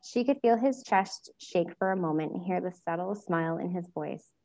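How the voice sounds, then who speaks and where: Woman calmly reading a story aloud. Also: lowish voice, moderate pace, vocal fry. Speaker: podcast host and reader. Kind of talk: reading fan fiction aloud.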